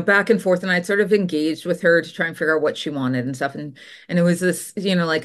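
A woman from Canada, a potter, telling stories in a casual interview and acting out the voices of people she quotes. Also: on the low side. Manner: animated storyteller, acts out quoted voices.

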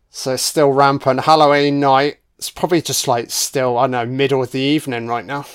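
A man's voice: mid-range voice, a bit bright, clean tone. Sweary man doing film commentary. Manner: sarcastic, swears constantly, mocks characters. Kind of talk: casual, crude film commentary.

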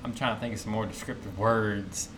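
A man's voice: on the low side, steady tone, brisk. Easygoing young Southern man, noisy room. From American South. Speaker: podcast co-host. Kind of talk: casual chat.

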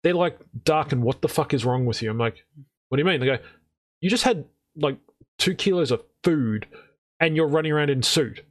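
Swearing animated storyteller man. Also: a little high, fairly quick. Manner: swearing, animated, acts out quoted voices. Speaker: podcast co-host. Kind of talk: casual storytelling chat.

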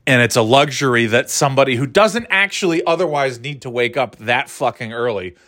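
A man's voice: mid-range voice, expressive, brisk, fairly bright tone, no room sound, clean studio sound. A middle-aged man ranting casually, swearing often, sarcastic and grumbling, often stumbling and restarting his words. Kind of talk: rambling casual rant.

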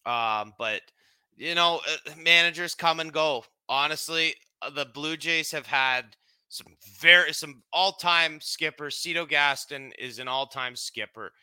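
A man's voice: fairly high pitch, measured pace, pushed and bright, clear, resonant tone, dry recording. A Canadian man co-hosting a sports podcast in easygoing chat, rambling and restarting his sentences. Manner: rambling, self-interrupting, chummy. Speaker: podcast co-host.

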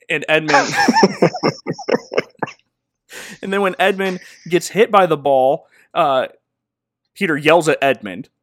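A man recaps a movie in a sarcastic, rambling way and laughs often. His voice sits a little high for a man and moves around a lot in pitch. The sound is dry and close. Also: fairly bright tone, dry recording.

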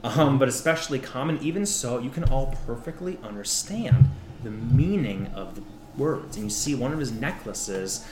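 A man's voice: mid-range voice, expressive, normal speed, roomy sound, background noise. A man narrating a tabletop game as game master, rambling with lots of restarts and fillers.

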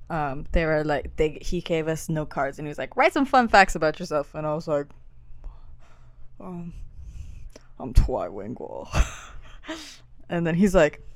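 A woman's voice: sits low, gravelly, a little mellow, no room sound. A young woman co-hosting a casual podcast, telling stories with giggles and acting out the voices of people she quotes. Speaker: podcast co-host. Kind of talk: casual chat.

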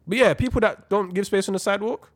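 A young man, chatting casually as a podcast co-host, animated and slangy with frequent laughter. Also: high voice, fast talker. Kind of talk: casual chat.

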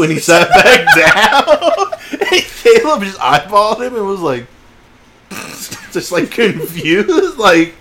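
A man's voice: on the high side, normal speed, slight background noise. A young man co-hosting a podcast, telling stories in casual chat, acting out quotes with bursts of laughter. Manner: animated storytelling with laughter and acted-out quotes. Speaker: podcast co-host.

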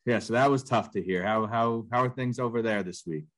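A man's voice: mid-range voice, a little fast, a bit bright. A man in his thirties co-hosting a casual podcast, rambling with lots of filler words. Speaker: podcast co-host. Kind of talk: casual chat.

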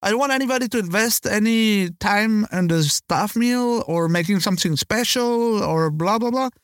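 A stingy head chef waves off any effort for staff meals, as a man puts him on. The voice sits high and the recording is dry. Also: moderate pace, no room sound, close to an everyday voice. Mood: dismissive. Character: stingy young male head chef, dismissive.

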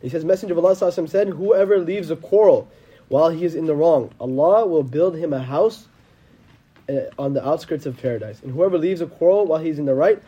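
A man giving a casual, slangy religious talk, animated and quick to quote Arabic scripture. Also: fairly high pitch, slightly rough, highs cut off.

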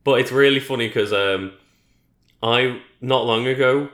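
A man's voice: medium pitch, unhurried, fairly bright tone. A man from Liverpool co-hosting a podcast, chatting casually and hesitantly with lots of fillers. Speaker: podcast co-host. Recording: echoey room.

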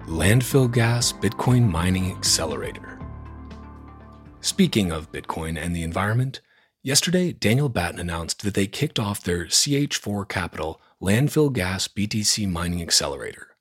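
A man's voice: sits low, expressive, moderate pace, slightly rough, soft background music. A man hosting a news roundup podcast, reading from a script in a blunt, sarcastic, opinionated way. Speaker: podcast host.

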